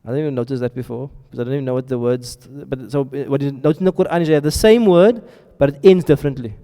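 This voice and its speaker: Fast and warm, this man's medium-pitched voice fills an echoing hall as he teaches a class. Frequently he breaks off to question his students and confirm they understand.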